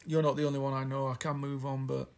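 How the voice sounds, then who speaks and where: A man's voice: medium pitch, flat delivery, quick pace. A man hosting a casual album chat, rambling and hesitant as he reads out lyrics. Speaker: podcast host reviewing an album.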